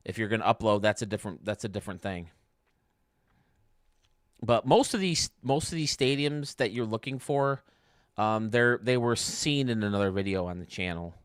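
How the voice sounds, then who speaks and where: A man's voice: on the low side, moderate pace, smooth, dry recording, clean studio sound. A man hosting a casual livestream from home, chatting as he explains game menus step by step. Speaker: YouTube gaming streamer.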